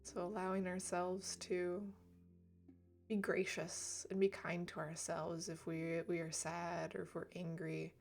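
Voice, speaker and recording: A woman speaking gently and reflectively on a livestream about emotions, laughing lightly now and then. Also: fairly low pitch, flat delivery, a little slow, gravelly, soft background music. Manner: soft, reflective, laughs lightly, drops to near whisper at times. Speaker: reiki streamer. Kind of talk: gentle spiritual talk on a livestream.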